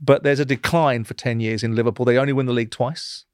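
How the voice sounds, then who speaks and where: A man's voice: mid-range voice, steady tone, quick pace, a little mellow, clear, resonant tone, no room sound, studio quality. A man hosting an interview, blunt and challenging, pushing back on his guest. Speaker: host. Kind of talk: interview and debate.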